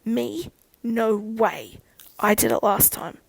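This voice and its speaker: Woman reading sassy young werewolf woman, blunt, exasperated, gravelly, dry sound. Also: on the high side, slow pace, no room sound, full character voice. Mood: dismissive.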